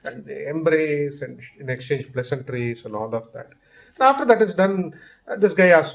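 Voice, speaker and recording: A man's voice: a little high, big pitch swings, creaky. A man hosting his channel, casually telling a story with lots of fillers and restarts. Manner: easygoing, unhurried, with many fillers and restarts. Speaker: storyteller host.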